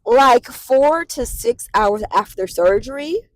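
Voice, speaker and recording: A woman in her late twenties telling a story to the camera, animated and profane, repeating herself as she vents. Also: a little high, slow pace, poor audio. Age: late 20s. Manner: animated, profane, repetitive venting. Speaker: vlogger.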